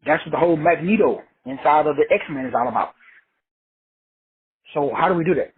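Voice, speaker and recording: Casting: high, husky-voiced man from Texas, slangy motivational preacher, lo-fi call audio. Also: brisk. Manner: emphatic, repetitive, slangy and profane. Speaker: teacher leading an online call. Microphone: online call. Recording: phone-like lo-fi audio.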